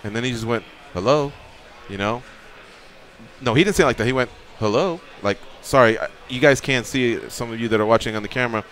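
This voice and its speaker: A man's voice: medium pitch, fast talker, a little hiss or hum. Rambling man telling a studio story. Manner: animated, rambling, swearing, acts out quotes. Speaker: radio show co-host. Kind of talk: casual storytelling chat. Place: radio studio.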